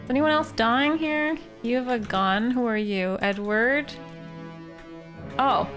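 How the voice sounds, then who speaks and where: A woman's voice: a little high, slow pace, music in the background. A woman from Canada, a streamer, thinking aloud in casual, playful live game commentary.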